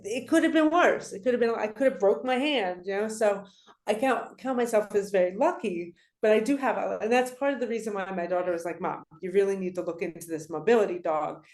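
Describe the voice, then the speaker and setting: A woman in her forties speaks as a podcast guest at a mid-range pitch. She tells her stories with lively, casual energy and acts out the people she quotes. Her voice carries a noticeable roomy echo. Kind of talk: casual conversational interview.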